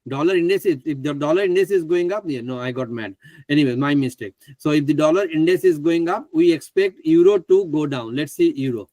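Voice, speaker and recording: A man's voice: on the high side, fairly quick, mellow, dry recording, rough recording. A man teaching a live online trading class, speaking with many fillers and restarts into a computer microphone on a video call. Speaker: trading instructor.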